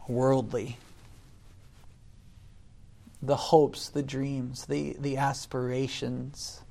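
A man delivers a sermon at a slow, unhurried pace. His voice sits at an ordinary middle pitch and swells loud when he quotes scripture, then sinks low and quiet between points. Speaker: preacher.

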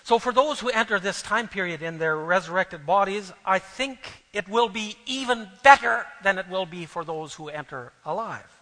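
A man preaching a sermon and reading scripture aloud, earnest and swelling louder on key phrases. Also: high voice, moderate pace, few pauses, long reverb tail, low-quality recording.

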